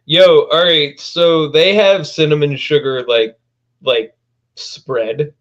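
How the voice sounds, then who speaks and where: A man's voice: on the high side, steady tone, takes it slowly, a bit bright, highs cut off. A young man talking casually with his older brother, drawling and laid-back as he tells stories. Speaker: guest. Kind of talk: casual chat between brothers.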